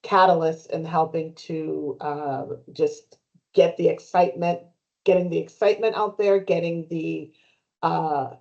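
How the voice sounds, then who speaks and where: Halting low-voiced woman at a meeting. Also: a little mellow. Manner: halting, many fillers and restarts. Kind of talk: meeting discussion. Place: meeting room. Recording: muffled meeting recording.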